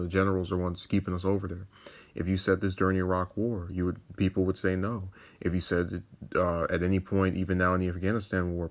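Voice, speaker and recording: The voice is a young man's, deep and held in a narrow, even range. He reads news items and comments on them with dry sarcasm, circling back and correcting himself as he goes. The tone stays steady and level. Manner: sardonic, digressive, with frequent restarts. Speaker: political commentator.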